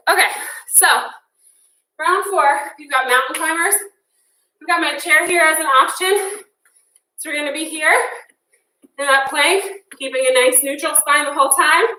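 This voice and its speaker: A woman's voice: high-pitched, bright, forceful tone, a little hiss or hum. Breathless, chatty woman coaching a workout. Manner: upbeat, chatty, counting down reps. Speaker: fitness instructor. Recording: echoey room from a distance.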